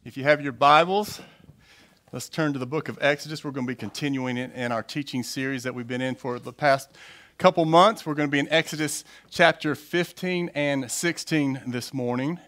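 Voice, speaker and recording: A man's voice: medium pitch, normal speed. A man in his fifties preaching a sermon to a church congregation in a loose, conversational way, with frequent restarts. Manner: conversational, animated, with repeated restarts. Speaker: pastor.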